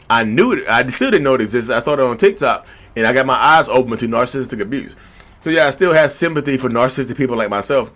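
A vlogger with a medium-pitched, fairly bright voice talks casually and animatedly to camera from a standing desk. He's slightly out of breath, repeats himself, and addresses his viewers as "y'all."

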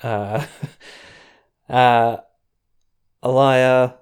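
A man's voice: medium pitch, steady tone, drawn-out words, smooth. Chatty Australian man recapping wrestling. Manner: chatty, rambling, chuckling asides. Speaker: podcast host.

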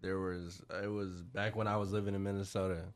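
A man's voice: deep voice, flat delivery, a little fast. A young man co-hosting a casual podcast, telling a story in heavy slang and acting out the voices. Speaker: podcast co-host.

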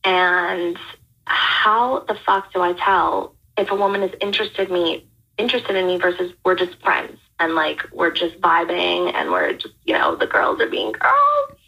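A woman's voice: fairly low pitch, steady tone, measured pace, creaky, bright, forceful tone. A woman leaving a rambling, earnest voicemail question for a podcast. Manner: rambling, earnest, searching for words. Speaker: voicemail caller. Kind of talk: recorded voicemail. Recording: voicemail over a phone line.

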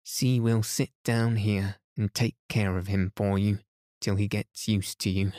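A man's voice: lowish voice, flat delivery, a little slow, mellow, dry recording, studio quality, lightly acted. A man voicing an earnest young girl, speaking in a pleading way.

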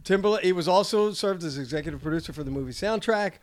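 Casting: upbeat male host, high voice, bouncy pitch, casual chat. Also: expressive, quick pace. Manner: upbeat, leads the segments. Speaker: podcast host.

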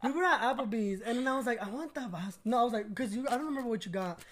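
A woman's voice: a little high, very fast. Chatty young woman, casual podcast talk. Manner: chatty, laughs often, slangy. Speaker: podcast co-host. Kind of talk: casual chat.

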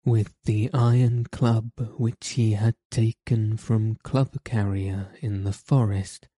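Male storybook narrator, mellow and low, flat steady read, dry close sound. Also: dry recording. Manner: steady, measured read-aloud delivery.

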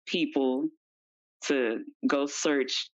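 Low-voiced woman, dull lo-fi sound. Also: extremely slow. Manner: relaxed, slangy. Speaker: podcast guest. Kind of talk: casual chat.

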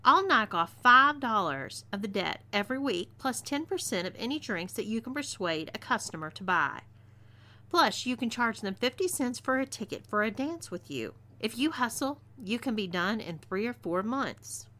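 A woman's voice: a little high, big pitch swings, normal speed, pushed and bright. Texan woman playing Zelia, a fiery female outlaw. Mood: bossy. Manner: bossy, threatening drawl.

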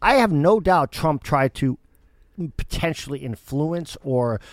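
A man's voice: a little high, lively intonation, unhurried, no echo. A man hosting a podcast, arguing insistently in a heated political debate and repeating his points. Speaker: host.

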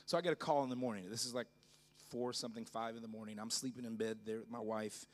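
A middle-aged man preaching a sermon at a church conference, telling a story that moves from hushed narration to loud, fervent preaching. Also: medium pitch, steady tone, fast talker. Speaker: pastor.

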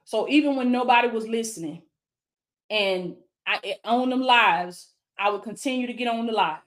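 A fairly high, fairly bright voice at a normal speed belongs to a woman life coach streaming live. With preacherly fervor she repeats affirmations, addressing viewers as "baby" and replying to each by name.

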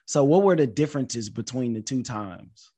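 A man hosting a podcast interview, asking questions and chatting with quick asides. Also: mid-range voice, animated, dark tone, slightly rough. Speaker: podcast host. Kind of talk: casual interview chat.

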